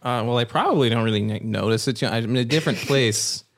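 A man's voice: medium pitch, fast. A man, a podcast guest, tells a playful made-up story in casual chat and laughs often.

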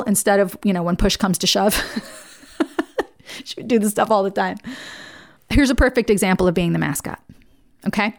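Woman, podcast host, solo talk, expressive, playful and hushed by turns, mid-pitched voice. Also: moderate pace, vocal fry, pauses often.

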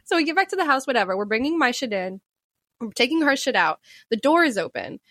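A woman co-hosting a podcast, telling a story in casual chat, animated, swearing freely and laughing often. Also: high voice, fast talker, dry recording, studio quality. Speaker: podcast co-host.

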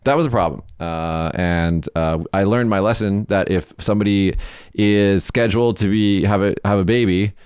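A man's voice: on the low side, normal speed, darkish tone, smooth, no echo, clean studio sound. A man from the States hosting a casual podcast, chatting loosely through news stories and swearing offhand. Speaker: podcast host.

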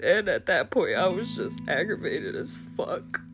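Woman host, slow and low-pitched, emotional and profane personal storytelling, faint guitar music underneath. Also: big pitch swings. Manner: raw, emotional, heavy swearing. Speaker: podcast host.

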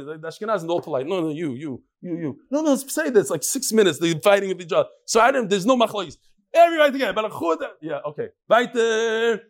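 A man teaching a Talmud class live, lively and joking, with Hebrew and Yiddish terms all through his talk. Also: high voice. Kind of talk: daf lesson to a live class.

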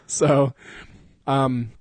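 A man's voice: high voice, darkish tone, breathy edge, no room sound. Profane, laughing man telling stories. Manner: profane, laughs often, acts out people in the story. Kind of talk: casual storytelling chat.

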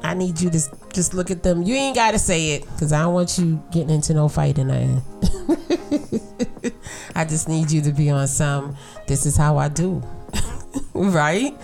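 A mother hosting a podcast, talking straight to her listeners in a lively, encouraging way. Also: low-pitched, brisk, gravelly, faint music behind. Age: adult with children. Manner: animated, talks straight to listeners with lots of "okay?" and "girl". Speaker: podcast host. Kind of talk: casual encouraging monologue.

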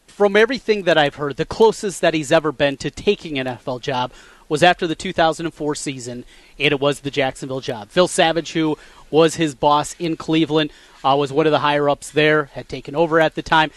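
Higher-voiced sports radio host, dry studio. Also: male voice, no room sound. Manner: measured, recalls facts in detail, gets animated when joking. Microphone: studio mic.

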